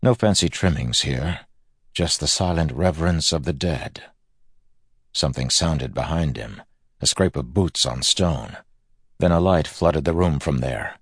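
Deep, husky, grave audiobook narrator. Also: male voice, no echo, studio quality. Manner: measured and grave.

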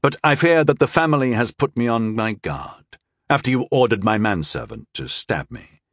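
A man's voice: mid-range voice, lively intonation, no echo, clean studio sound, natural voice. A man doing a guarded young court wizard. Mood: restrained. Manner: measured, restrained, deferential. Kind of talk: audiobook character voice.

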